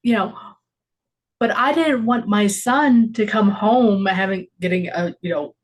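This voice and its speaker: A woman in her forties co-hosts a podcast, her medium-pitched voice moving at a measured pace. She chats casually and reflectively about parenting, laughing often.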